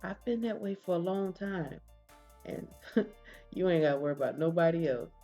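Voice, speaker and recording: A woman doing a smooth-talking man in love. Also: moderate pace, warm tone, soft background music. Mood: tender. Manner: low-key, sweet-talking, confident.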